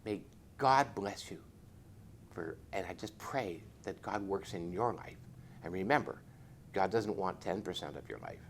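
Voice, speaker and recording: A man earnestly telling a faith testimony, with repeated phrases and pauses. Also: sits low, very animated, slight background noise. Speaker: former police chaplain telling a testimony.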